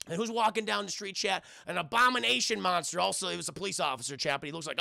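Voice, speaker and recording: A man's voice: sits high, animated, very fast, vocal fry, few pauses, sharp tone, no echo, studio quality. A man giving a casual, profane film review on stream, constantly addressing his chat.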